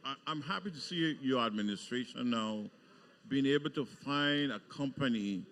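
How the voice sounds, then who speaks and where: A man's voice: medium pitch, moderate pace, fairly bright tone. A man co-hosts a live morning talk program in a mid-range voice. He talks conversationally and repeats words as he works his way into his questions. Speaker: co-host. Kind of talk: casual radio chat.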